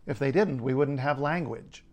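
A man, a linguist, reading a scripted explainer in a measured, playful way. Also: medium pitch, background noise. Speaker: linguist and writer.

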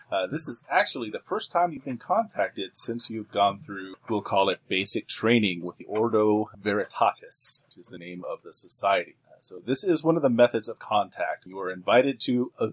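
A man narrating as game master in a tabletop role-playing game, relaxed and full of filler pauses. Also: fairly low pitch, breathy edge.

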